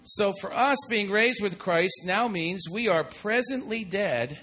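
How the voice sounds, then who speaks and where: A man preaching a sermon in a very high voice with a bright, forceful edge. He punctuates everything with cries of "come on" and "glory to God." He swings from loud bursts down to hushed asides. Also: animated, a little slow.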